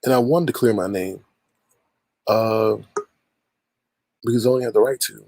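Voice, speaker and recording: A man's voice: on the low side, moderate pace, darkish tone, no room sound. A man hosting a casual livestream, talking with callers and addressing his chat by name, often repeating himself. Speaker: livestream host.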